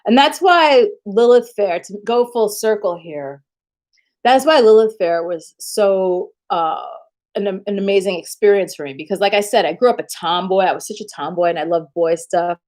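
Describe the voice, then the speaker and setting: A woman's voice: medium pitch, normal speed. A woman streaming live in casual chat, telling rambling stories with lots of swearing and frequent laughter. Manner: profane, laughs often; rambling animated storytelling.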